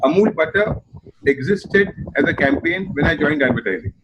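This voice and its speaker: An older man with an Indian English accent, telling stories from his advertising and theatre career in an emphatic, animated way. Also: on the high side, moderate pace. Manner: animated, emphatic, repeats phrases in threes. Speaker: advertising and theatre veteran guest. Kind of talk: reflective storytelling interview answer. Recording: muffled video call audio with noise.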